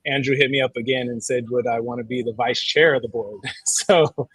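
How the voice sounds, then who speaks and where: A man's voice: medium pitch, fairly even intonation, moderate pace, a bit bright, breathy edge, no echo, poor audio. A man serving as vice chair of a nonprofit board, telling his story in a laid-back, slangy way. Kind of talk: casual interview answer.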